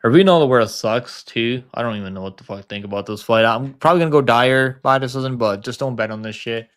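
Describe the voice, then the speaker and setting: A young man hosting a livestream, casually talking through fight picks, cursing often and second-guessing himself out loud. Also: medium pitch, fast talker, clear, resonant tone. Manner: rambling, profane, second-guesses himself aloud. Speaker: MMA livestream host.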